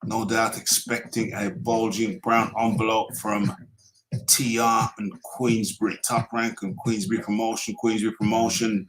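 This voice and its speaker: A man's voice: lowish voice, little pitch movement, measured pace, a crowd in the background, low-quality recording. Emphatic man hosting a live show. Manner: emphatic, repeats himself while reading chat. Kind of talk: casual live-stream talk.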